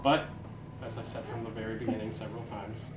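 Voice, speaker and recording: A man's voice: fairly low pitch, level tone, fast. A man narrating as game master of a tabletop game, rambling and correcting himself as he goes. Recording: dull, noisy, echoey room.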